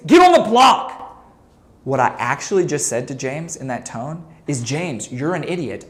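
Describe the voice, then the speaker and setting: A man, a basketball coach, teaching a lesson to camera in a playful way, quizzing the viewer and then joking about the answers. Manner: playful, asks quiz questions and answers them with jokes; acts out shouted examples, voice leaps high. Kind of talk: instructional talk to camera.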